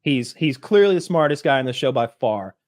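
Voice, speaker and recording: A man co-hosting a podcast, chatting casually and profanely, acting out scenes in quick put-on voices. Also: mid-range voice, expressive, dry recording, clean studio sound. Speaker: podcast co-host. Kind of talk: casual chat.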